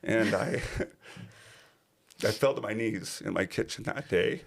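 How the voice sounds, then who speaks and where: A man's voice: lowish voice, takes it slowly, creaky. A middle-aged man, a podcast guest, telling a personal story in earnest and acting out other people's lines.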